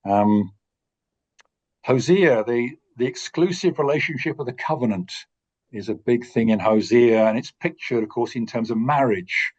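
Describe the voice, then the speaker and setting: A man teaching a course on preaching, speaking in a thoughtful, measured way with frequent pauses and restarts. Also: mid-range voice, darkish tone, breathy edge, muffled recording. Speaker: course tutor.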